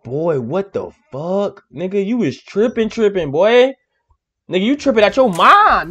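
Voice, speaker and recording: A young man hosting a reaction video, giving casual commentary that is animated, exclamatory and profane, and laughing often. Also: high-pitched, measured pace, long pauses, slight background noise.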